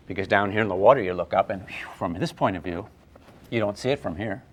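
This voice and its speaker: An older man teaching a physics class, lively and playful, with sound effects and acted asides. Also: lowish voice, fast. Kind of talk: classroom lecture at a whiteboard.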